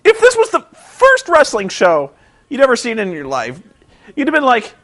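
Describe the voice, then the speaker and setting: A man's voice: extremely high pitch, wildly swooping pitch, moderate pace, fairly bright tone. A young man vlogging about a wrestling show, exasperated and sarcastic, rambling with restarts. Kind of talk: casual ranting commentary.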